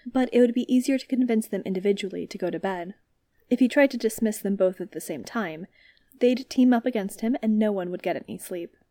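Woman, storyteller, calm, steady, dry close sound. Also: medium pitch, no room sound. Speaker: narrator. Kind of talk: audiobook reading of a story.

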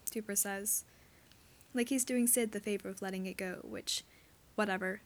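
A woman reading fan fiction aloud in a steady storytelling manner. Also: mid-range voice, moderate pace, pauses often. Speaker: reader.

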